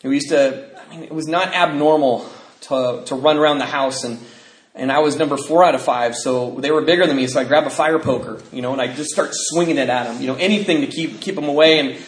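A man tells his life story in a personal testimony, candid and rambling, with fillers and nervous laughs. His voice sits a little high for a man. The recording is roomy and echoey. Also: fairly quick. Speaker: speaker sharing a personal testimony.

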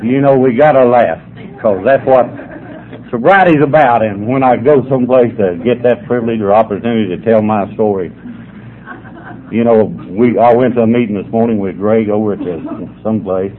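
With a lowish voice and a moderate pace, an older man tells funny stories at a sobriety meeting in a folksy, drawling manner. A faint noise runs under the tinny, phone-like audio.

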